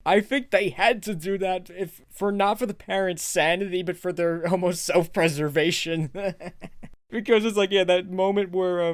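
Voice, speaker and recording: A man giving a casual, rambling spoken review, laughing often and jumping into excited high quoted voices. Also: moderate pace, no echo, clean studio sound. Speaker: video reviewer.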